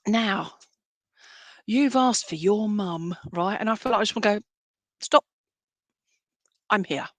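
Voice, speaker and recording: A woman speaks at normal speed in a medium-pitched voice, without echo, as a medium giving spirit readings at a live-streamed church service. She comes across as caring and reassuring and frequently checks "all right?" with those listening.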